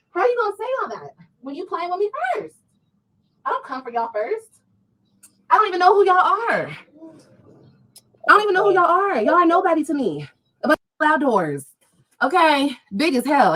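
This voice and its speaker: A woman on a livestream rants at her critics in a fairly high voice that swings widely in pitch. She is confrontational and profane and mocks her detractors as she talks straight to her viewers. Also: rough recording. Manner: addresses viewers directly. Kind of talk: ranting livestream monologue.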